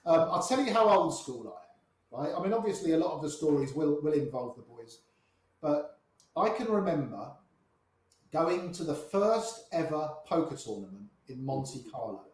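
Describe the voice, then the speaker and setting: A man's voice: on the high side, very animated, moderate pace, a little mellow. An older man with grey hair telling poker anecdotes in an interview, acting out the voices of people in his stories. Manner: anecdotal, acts out quoted voices. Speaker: poker player guest. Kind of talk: storytelling interview. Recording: echoey room.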